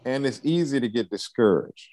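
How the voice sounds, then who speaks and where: A man's voice: medium pitch, animated, moderate pace, a little mellow, dry recording. A man coaching a client, encouraging and preacher-like, often checking in with "right?". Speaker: life coach. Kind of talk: coaching session interview.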